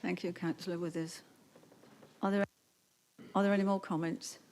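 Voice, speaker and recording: A woman with a lowish voice chairs a council meeting, formal and courteous as she calls speakers. Faint room noise sits in the background. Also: level tone, normal speed, a little mellow.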